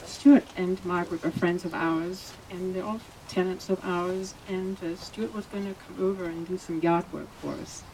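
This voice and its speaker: Mellow-voiced woman speaking at a funeral. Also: fairly low pitch, fairly even intonation, a little hiss or hum, low-quality recording. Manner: hesitant, halting, with fillers. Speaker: friend giving a eulogy. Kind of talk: memorial speech.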